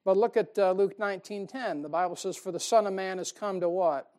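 With a high-pitched voice at normal speed, a man preaches in a down-home, emphatic manner. He laughs at his own jokes and moves between loud stresses and softer asides.

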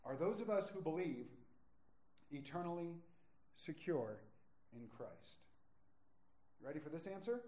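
A man preaching a sermon, stressing words slowly and dropping to quiet asides. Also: fairly high pitch, expressive. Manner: emphatic, drawn-out stresses, drops to quiet asides. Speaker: pastor. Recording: echoey room.

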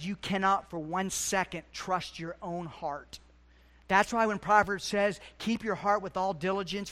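A middle-aged man preaching a sermon as pastor, swinging between loud, emphatic peaks and quiet, hushed asides. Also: high voice.

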